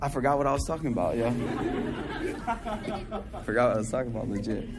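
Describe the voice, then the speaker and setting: A man's voice: mid-range voice, very fast, a loud crowd, very noisy. A man giving a casual sermon. He tells stories in a slangy, conversational way and keeps asking the audience questions. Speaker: Muslim speaker giving a talk.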